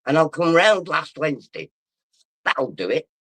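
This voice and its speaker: A man's voice: on the high side, lively intonation, moderate pace, a bit bright, dry recording. A drunk man rambling and swearing as he chats on a livestream and reads out comments. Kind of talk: casual livestream chat, reading comments.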